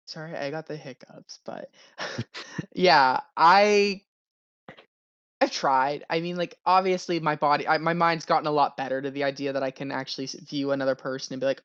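A man's voice: on the high side, normal speed, a bit bright, no echo. A young man talking candidly as a podcast guest, rambling and laughing often. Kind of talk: casual podcast chat. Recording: dull lo-fi recording.

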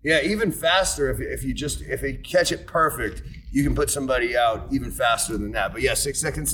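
A man co-hosting a podcast, explaining grappling technique in a measured way with dry humor. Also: mid-range voice, a bit bright, recorded from a distance, slight background noise, rough recording. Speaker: podcast co-host, grappling expert. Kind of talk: casual explanatory chat.

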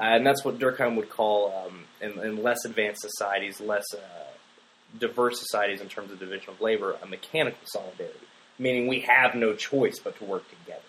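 A man's voice: medium pitch, rough recording. Guy on a podcast rambling about a movie, lots of uh and um, faint hiss behind. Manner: rambling, many fillers and restarts. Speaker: podcast co-host. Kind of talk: casual film discussion.

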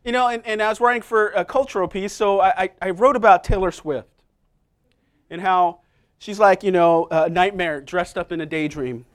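A middle-aged man with a high-pitched voice preaches a sermon in a church. He tells personal stories in a conversational, self-deprecating way, tossing quick asides to the congregation.

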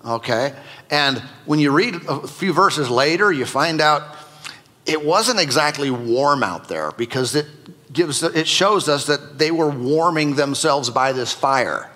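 A male pastor gives a sermon with a bright, forceful voice that rings with a long reverb through a church sanctuary. He keeps it conversational and jokes with his listeners between points. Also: fairly high pitch, animated, measured pace. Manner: conversational and joking with the congregation.

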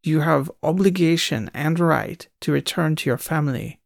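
A man voicing a nervous, secretive male station guide with an Eastern European accent and broken English, warning in hushed, urgent tones. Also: on the high side, moderate pace, creaky, dry recording, clean studio sound, voice pushed up.

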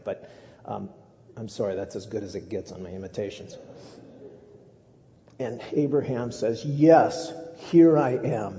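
A man's voice: on the low side, warm tone, a little hiss or hum. A male pastor preaching a sermon in a conversational way with humorous asides, heard as a dull recording with a long echo in a church.

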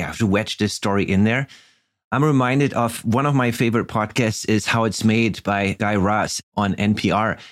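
A man's voice: lowish voice, no room sound, studio quality. A man hosting a podcast, asking thoughtful questions in an easygoing way. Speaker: podcast host. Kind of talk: interview questions.

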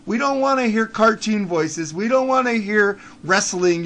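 A man hosting a podcast, delivering a blunt, profane rant that swings from low muttering to shouting. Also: lively intonation, unhurried, hardly any pauses. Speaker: podcast host. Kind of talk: ranting monologue.

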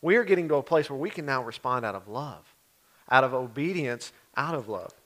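Conversational pastor preaching. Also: male voice, mid-range voice, animated, fairly quick, fairly bright tone. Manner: conversational preaching, acts out voices of biblical figures. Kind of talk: sermon.

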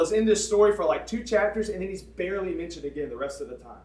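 A man preaching through a story in an animated, conversational way, stressing his points hard. His voice sits a little high for a man. He is picked up from a distance in an echoing room. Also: fast, hardly any pauses. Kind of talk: storytelling sermon. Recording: echoey room, distant mic.

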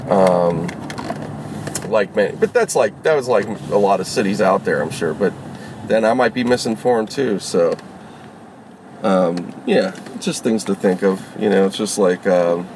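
A man's voice: low-pitched, measured pace, background noise. A man rambling casually while vlogging from inside his car as a rideshare driver, full of fillers, restarts and swearing. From Los Angeles.

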